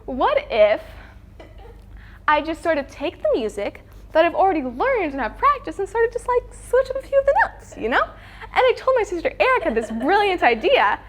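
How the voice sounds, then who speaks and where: A woman's voice: very high voice, sing-song, normal speed. A teenage girl performing a stand-up routine, acting out family members in different voices. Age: teens. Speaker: student comedian.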